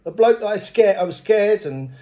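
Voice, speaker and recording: A middle-aged man with a blunt, swearing manner, telling his recovery story at a meeting as a lively storyteller. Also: high-pitched, normal speed. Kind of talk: personal recovery testimony.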